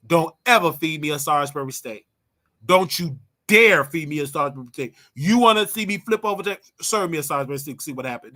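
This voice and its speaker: A man's voice: on the high side, pushed and bright. A man hosting his own livestream, talking casually to viewers in a playful, rambling, teasing way. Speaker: livestream host.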